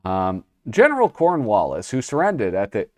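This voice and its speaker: A man's voice: lowish voice, wildly swooping pitch, moderate pace. A man hosting a casual talk show, chatting and laughing at himself as he flips through an old magazine and reads bits aloud. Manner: chatty, laughing at himself, mock-dramatic reading. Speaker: podcast host reviewing old magazines. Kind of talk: casual commentary and reading aloud.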